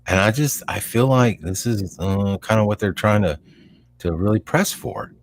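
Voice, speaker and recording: Deep-voiced rambling man chatting. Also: normal speed, no room sound. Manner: rambling, animated, lots of fillers. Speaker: podcast co-host. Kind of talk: casual conversational chat.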